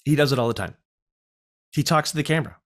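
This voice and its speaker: A podcast co-host with a nasal, rather high voice talks quickly in a casual chat. He tells a rambling story packed with fillers and self-deprecating asides.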